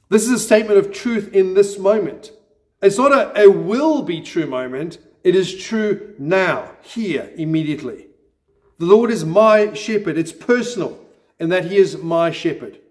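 A man, the pastor of a church, preaching a sermon with earnest delivery and gentle self-deprecating humor. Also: sits high.

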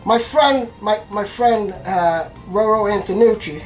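A man's voice: sits high, a little slow, soft background music, low-quality recording. A man hosting a cooking show, bantering in a joking, teasing way. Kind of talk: casual banter.

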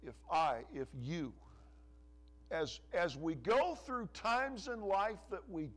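A male pastor preaching a sermon in church, pressing hard on some phrases and letting others drop low and soft. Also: lively intonation, slow. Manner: preaching with rising emphasis and soft, dropping asides. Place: church sanctuary.

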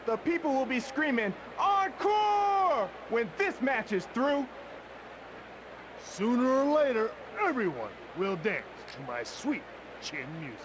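A cocky male wrestler taunts his opponents in a boastful, theatrical video game line. His voice is very high and swings widely. The game audio comes through with clear background noise. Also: big pitch swings, slow pace, full character voice.

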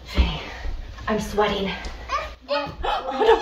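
A woman's voice: high voice, huge pitch swings, normal speed, pauses often. A woman acting as a frazzled pet-daycare worker, fretful and flustered, in pretend play for kids. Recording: roomy, distant, noisy home recording.

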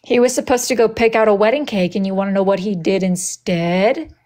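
A woman's voice: mid-range voice, fairly even intonation, a little fast, darkish tone. Young woman, livestream host, sassy, dramatic, playful, reads comments aloud. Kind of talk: casual livestream chat.

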